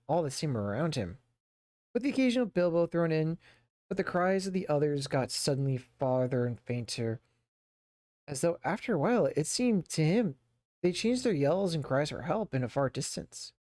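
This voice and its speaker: Streamer doing a casual read-aloud at home, mid pitch, dead dry mic, trips over words and chats in between. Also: a little mellow, dry recording. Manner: reads steadily, stumbles over words and breaks off for playful asides. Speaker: streamer reading a book aloud to chat. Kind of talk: casual read-aloud storytelling with chatty asides.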